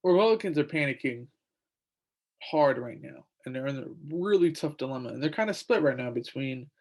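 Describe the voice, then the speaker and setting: A man's voice: medium pitch, expressive, moderate pace. A young man hosting a podcast alone, rambling and indignant, with lots of fillers and restarts, saying he is tired. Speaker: podcast host. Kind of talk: casual solo commentary.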